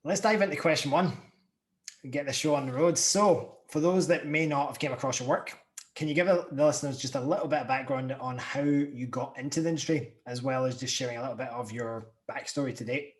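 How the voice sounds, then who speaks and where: A man from Scotland with a softened Scottish accent, hosting a casual podcast interview in an easygoing, candid way. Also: mid-range voice, brisk. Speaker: podcast host.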